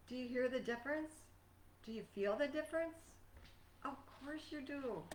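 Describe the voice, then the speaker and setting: A woman life coach giving a scripted motivational talk in an earnest, measured, emphatic way. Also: on the high side, a little hiss or hum. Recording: echoey room, distant mic.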